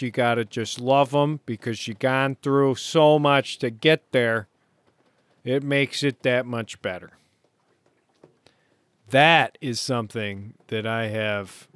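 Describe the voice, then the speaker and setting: A man's voice: medium pitch, a bit bright, clear, resonant tone, dry recording. A man talking casually while alone on a sailboat offshore, rambling and joking at his own expense. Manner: rambling, self-mocking, laughs often. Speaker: solo sailor podcaster. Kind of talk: casual talk.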